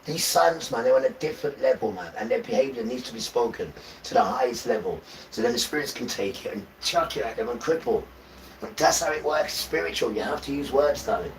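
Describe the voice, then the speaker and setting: A man's voice: mid-range voice, animated, fairly quick, far from the mic, slight background noise, low-quality recording. A man livestreaming an impassioned spiritual talk, urging his viewers directly in a preachy, urgent way. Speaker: livestream host.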